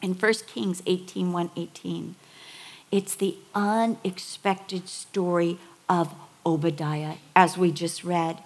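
A woman's voice: lowish voice, steady tone, slow. A middle-aged woman preaching a sermon, telling stories with feeling and building to emphatic, repeated words. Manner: emotional storytelling, building to emphatic repetition.

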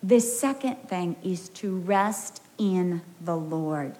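A woman's voice: lowish voice, slow, mellow. An American woman preaching a sermon in an emphatic, storytelling way with humorous asides. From United States.

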